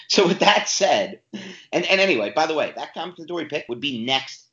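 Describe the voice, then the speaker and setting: A man's voice: fairly high pitch, moderate pace. A man co-hosting a casual sports podcast, talking emphatically and restarting his sentences often. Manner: animated, emphatic, with frequent restarts. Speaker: podcast co-host. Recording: roomy, slightly dull home podcast audio.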